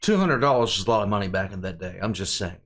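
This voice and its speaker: A man's voice: low-pitched, animated, fast. An older man hosting a reaction video, chatting casually with a sarcastic, exasperated edge and frequent laughs. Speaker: reaction channel host.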